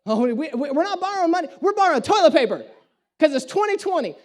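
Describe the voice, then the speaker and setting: A man's voice: very high voice, very animated, quick pace. A man, a pastor preaching a sermon and telling a story with humor and animation. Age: 30s.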